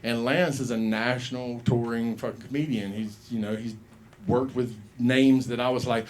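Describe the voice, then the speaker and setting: This comedy show host, speaking into a handheld mic at a club, emcees an open mic and riffs through a profane, meandering set full of acted-out voices. He has a mid-range, slightly mellow voice with fairly even intonation and a normal speed.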